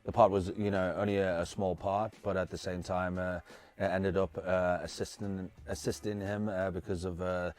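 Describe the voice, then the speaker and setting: A man's voice: low voice, flat delivery, moderate pace, a little mellow. A man from the United Kingdom, an actor and filmmaker, chatting easily in an interview with many fillers and restarts. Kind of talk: casual interview chat.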